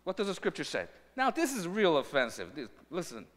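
A man preaching a sermon as pastor, animated and acting out the lines he quotes. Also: on the high side, brisk. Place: church sanctuary. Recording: long reverb of a church sanctuary.

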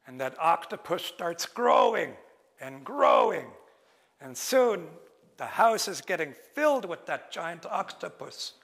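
A man telling a traditional story live in a lecture hall, slow and expressive, acting out each character. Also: fairly high pitch, vocal fry. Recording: long reverb of a lecture hall.

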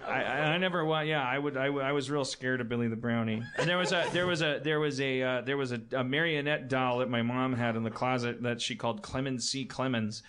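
A man telling a story in casual chat, rambling and halting, with many restarts, often laughing as he talks. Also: medium pitch, steady tone, a bit bright.

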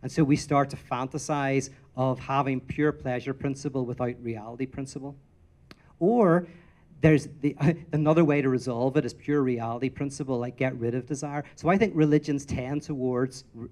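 A man answering audience questions in a rambling, lecture-style talk, acting out the voices of the stories he tells. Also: medium pitch. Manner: rambling and animated, acts out quotes in storytelling.

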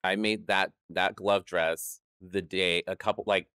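Man, low voice, lively storyteller, acts out quotes, dry close sound. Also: unhurried, clear, resonant tone, no echo. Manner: animated storyteller acting out quoted voices, laughing often. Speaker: guest, drag performer. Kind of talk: storytelling interview chat.

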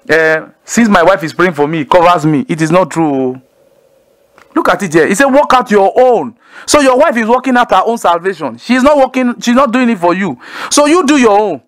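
Preacher, man, high voice, drives points home by repeating them. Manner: emphatic, repeats key phrases, asks listeners to say lines with him. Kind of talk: call-in Bible teaching.

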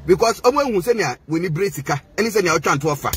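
High-voiced Ghanaian man ranting. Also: animated, fast, a bit bright, a little hiss or hum. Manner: heated, mocking, mixing languages. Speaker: social media personality. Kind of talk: confrontational rant to camera.

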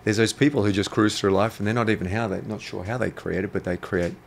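A man's voice: on the low side, steady tone, fast, vocal fry, slight background noise. A man, a guest telling stories in an interview, blunt and provocative, swearing freely. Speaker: guest, intuitive coach. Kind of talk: storytelling interview talk.

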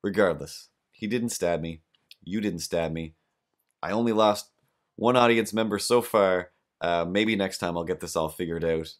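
A man hosting a podcast, telling rambling stories with deadpan jokes in a casual, comedic monologue. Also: low-pitched, normal speed. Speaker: podcast host.

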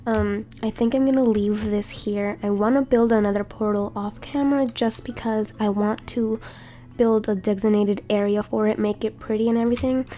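A young woman doing excited let's-play commentary, gasping and repeating herself often. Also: mid-range voice. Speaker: gaming YouTuber.

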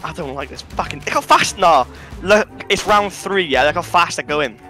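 A man playing a co-op zombie game, swearing constantly and yelling at his teammates. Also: fairly high pitch, animated, normal speed, soft background music. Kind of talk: live gameplay chat.

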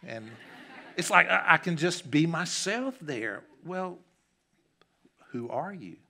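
A middle-aged male pastor delivers a sermon in a church. His voice is bright and forward. He tells stories, rising to loud, animated peaks and dropping to soft, quiet passages. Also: on the high side, takes it slowly, gravelly. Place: church sanctuary.

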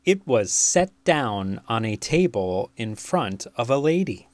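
Very slow, lively storybook reader. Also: medium pitch, dry recording. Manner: very slow, deliberate and expressive. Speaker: children's book reader. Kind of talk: read-aloud storytelling.

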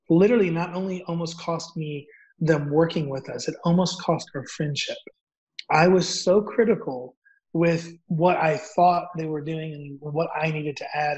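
A man telling a story as a guest author, acting out the dialogue in an animated way. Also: a little high. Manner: animated, acts out quoted dialogue. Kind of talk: storytelling in an interview. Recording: dull lo-fi audio.

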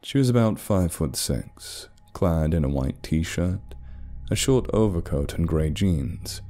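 A man narrating a dramatic story in a measured storytelling voice. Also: low voice, expressive, warm tone, soft background music.

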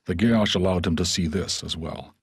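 Deep, husky male audiobook narrator. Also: normal speed, dry recording.

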